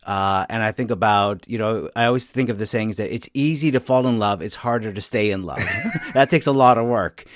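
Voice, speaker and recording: A man's voice: on the low side, a little fast, hardly any pauses, no echo, clean studio sound. A man hosting a casual conversation, enthusiastic and reflective, laughing easily as he thinks aloud. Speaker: podcast host.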